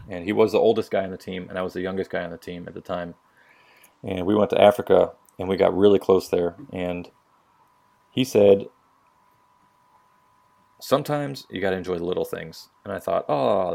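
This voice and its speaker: The voice is deep and slightly mellow, with vocal fry, belonging to a military veteran on a casual podcast. He swears freely, speaks bluntly, and acts out what people said in his stories.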